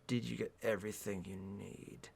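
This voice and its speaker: A man voicing a stern, brooding rich young man in a slow, hushed, breathy way, as a mock-dramatic book reading. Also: lowish voice, level tone, pitched below the performer's own voice. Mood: smoldering.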